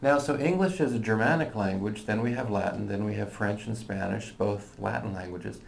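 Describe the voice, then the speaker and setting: A man's voice: lowish voice, moderate pace, creaky. A middle-aged man teaching an informal lesson, talking in a conversational way that thinks aloud with fillers and restarts. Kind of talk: informal lecture.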